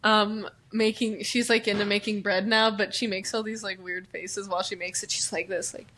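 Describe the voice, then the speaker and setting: A woman's voice: mid-range voice, little pitch movement, moderate pace, sharp tone. A woman podcast guest telling a story in giggly, slangy casual chat.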